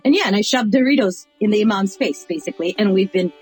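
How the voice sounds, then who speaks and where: A woman guest in an interview, telling stories in a lively, animated way with frequent laughter and acted-out dialogue, with an American accent. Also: mid-range voice, fast, breathy edge, no echo, soft background music, rough recording. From United States. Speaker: interview guest, artist and chaplain. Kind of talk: animated storytelling in conversation.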